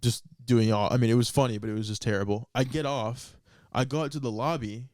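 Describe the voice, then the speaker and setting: A man's voice: medium pitch, steady tone, brisk, a little mellow, no room sound, clean studio sound. A young man co-hosting a podcast, casually and animatedly retelling a story with bursts of laughter. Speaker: podcast co-host.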